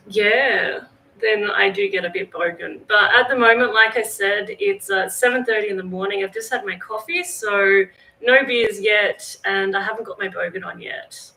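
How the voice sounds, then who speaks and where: A woman's voice: medium pitch, gravelly, sharp tone, low-quality recording. A woman with an Australian accent, chatting casually on a livestream, greeting viewers by name. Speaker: livestream host. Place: home in northern Thailand.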